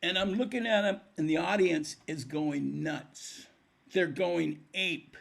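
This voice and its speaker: A man's voice: on the high side, slow pace, gravelly. An older man, a musician guest on a podcast, telling stories and acting out the voices of people in them. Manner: animated storyteller acting out quoted dialogue. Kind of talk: storytelling in a podcast interview.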